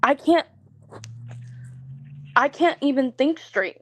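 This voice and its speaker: A woman in her twenties venting to viewers in a casual way, tired and stressed, halting and stammering as she restarts her sentences. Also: high-pitched, animated, a bit bright, no echo, poor audio. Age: 20s. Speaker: content creator.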